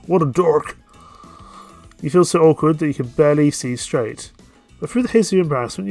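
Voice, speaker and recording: A man's voice: on the high side, vocal fry, a little mellow. A man playing a dating game on stream, reading its narration aloud and dropping playful, jokey asides.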